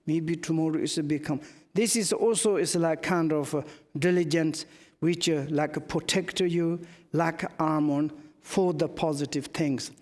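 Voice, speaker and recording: Male Buddhist teacher, broken English with fillers, slightly high voice, long hall reverb. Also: fairly even intonation, darkish tone. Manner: broken English, many fillers, slow and halting. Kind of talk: Dharma teaching.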